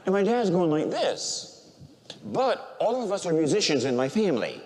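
An older man, a priest, preaching a sermon and telling an emotional personal story, swinging from loud proclamation to quiet, near-tearful speech. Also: high-pitched, big pitch swings, moderate pace, big-room sound.

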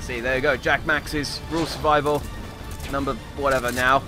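A man's voice: mid-range voice, flat delivery, normal speed, music in the background, close to an everyday voice. A man putting on a hammy Australian accent to play a brash outback survival-guide bloke, full of slang, during gaming commentary. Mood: mock-instructive. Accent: put-on Australian. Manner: hammy, slang-heavy, exclaiming "crikey".

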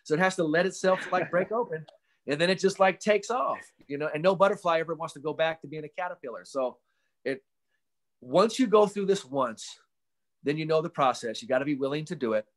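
A man who coaches mental performance, a guest on a casual podcast interview over a video call. He tells stories with animated energy, swears casually and acts out the voices of people he quotes. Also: a little high, a little fast.

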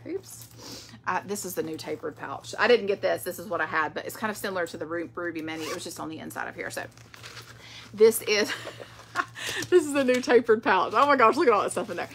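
A woman's voice: mid-range voice, lively intonation, a little fast, fairly bright tone, slight background noise. A woman, chatting casually in a product vlog, rambling with fillers. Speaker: direct sales director.

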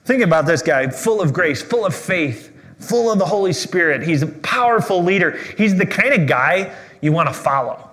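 A man preaching a sermon as pastor, conversational and animated, asking rhetorical questions and dropping to a hushed voice at reflective moments. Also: fairly high pitch, moderate pace.

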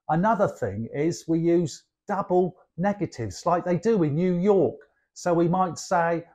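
An older Cockney man from London's East End, with a high voice, lively intonation, unhurried pace and darkish tone, guests on a lesson to explain slang. He's chatty and cheeky, tossing in playful asides.

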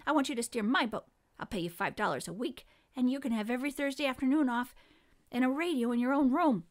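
Storybook figure: woman doing a bossy twelve-year-old boy, high and loud, demanding. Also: fast, lightly acted.

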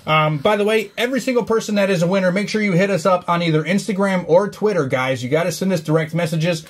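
A man's voice: high voice, fast. Hyped man hosting a card-opening vlog. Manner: hyped, chatty, rattles off card names. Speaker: card-opening channel host. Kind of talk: excited casual pack-opening vlog.

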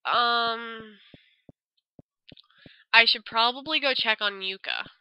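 A young woman casually commenting as she plays a game, reacting loudly and swearing freely. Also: fairly high pitch, takes it slowly, clean tone, no echo, low-quality recording. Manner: expressive and swearing, reads dialogue aloud. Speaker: let's play gamer.

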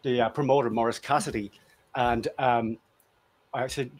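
A man's voice: mid-range voice, fairly even intonation, moderate pace. A man, a guest in a casual chat, telling jovial, self-deprecating anecdotes. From Ireland.

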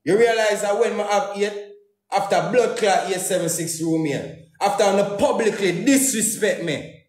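A Jamaican man rants on social media, heated and full of curses, circling back to the same phrases again and again. His voice sits high for a man. The sound rings hard off the walls of a very echoey room. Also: normal speed, darkish tone. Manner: heated, cursing, repeating phrases in Jamaican Patois. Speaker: comedian and YouTuber. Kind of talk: angry social media rant.

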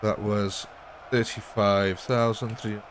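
A man's voice: lowish voice, flat delivery, takes it slowly, slight background noise. A British man hosting a live gaming stream, commenting on the battle in a jokey, chatty way and answering his viewers. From Britain. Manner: jokey, chatty, replies to chat. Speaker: livestream host.

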